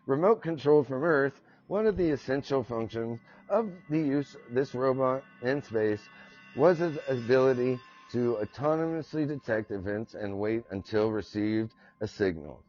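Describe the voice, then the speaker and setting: A man's voice: mid-range voice, expressive, moderate pace, darkish tone, highs cut off, soft background music. An American man hosting a podcast, reading out facts and drifting into rambling, self-mocking jokes. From United States. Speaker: podcast host. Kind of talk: joking solo podcast reading.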